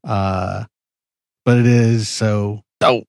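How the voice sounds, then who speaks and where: A man on a casual panel, weighing his votes in a deliberate, dry way. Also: lowish voice, steady tone, gravelly, no room sound.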